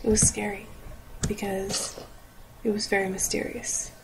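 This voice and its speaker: A young woman rambles and jokes her way through a game at home, her voice sitting at an ordinary middle pitch. She giggles often and hops from thought to thought. The recording carries a clear layer of background noise. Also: level tone, measured pace. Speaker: gaming video host. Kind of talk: casual gameplay commentary. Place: home room.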